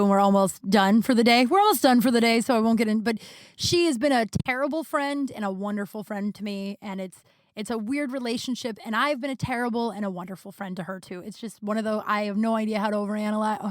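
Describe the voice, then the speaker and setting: A woman's voice: mid-range voice, no room sound, studio quality. A woman hosting a podcast who tells a personal story in a candid, casual way, swearing freely and saying "like" often. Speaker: podcast host.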